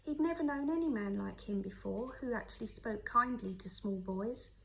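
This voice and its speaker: A woman, a teacher, reading a children's novel aloud in a steady, clear storytelling voice. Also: on the high side, normal speed, poor audio.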